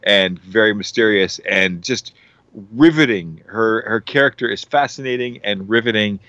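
Low-voiced man gushing about a show. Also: moderate pace, a bit bright, no room sound, muffled recording. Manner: rambling, enthusiastic, many fillers and restarts. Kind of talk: casual show recommendation.

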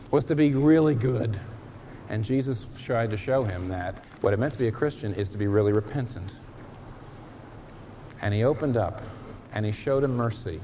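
A male preacher delivering a sermon with an emphatic, lively delivery, his pitch rising and falling widely. The recording is dull and lo-fi, with a faint hiss. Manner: emphatic, animated preaching with dramatic pauses.

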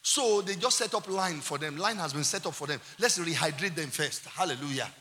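A man with a Nigerian accent preaching a sermon as pastor, moving from quiet asides to shouted climaxes. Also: fairly high pitch, expressive, fairly quick, big-room sound. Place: church.

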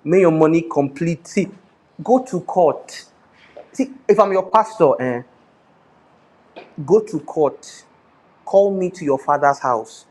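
A middle-aged Nigerian pastor delivers an animated sermon in a fairly high-pitched voice, his Nigerian accent strong. He drifts into pidgin phrases and laughs often between points. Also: slow pace, pauses often.

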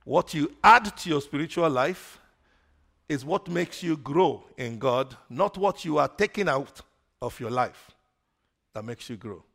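A man preaching a sermon, putting questions to the congregation for them to answer and swinging between loud emphasis and quiet asides. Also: fairly high pitch, expressive, a little slow, gravelly. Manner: call-and-response questions to the congregation.

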